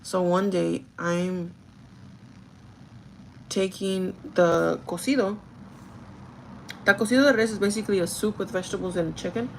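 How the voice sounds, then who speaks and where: Chatty young woman with a gravelly edge. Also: medium pitch, measured pace, pauses often, slight background noise, low-quality recording. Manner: chatty, animated, swears freely, code-switches into Spanish quotes. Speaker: beauty vlogger. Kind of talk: casual storytime while doing makeup.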